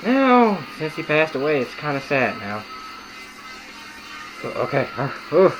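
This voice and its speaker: A man's voice: a little high, sing-song, a little slow, over music, low-quality recording. A young man giving an enthusiastic, rambling video-essay commentary on a cartoon. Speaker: video reviewer.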